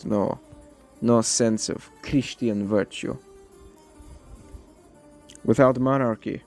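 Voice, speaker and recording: A man voicing a zealous male Russian imperial theocrat in a put-on Russian accent, grave and slow-spoken. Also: mid-range voice, vocal fry, a little mellow. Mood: scornful. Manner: solemn, menacing declamation. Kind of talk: role-play character monologue.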